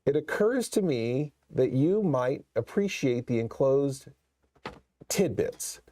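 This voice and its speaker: A man's voice: medium pitch, animated, slow, warm tone, dry recording. A man hosting a horror movie show, chatting casually on a live stream and rambling with many restarts. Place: studio set.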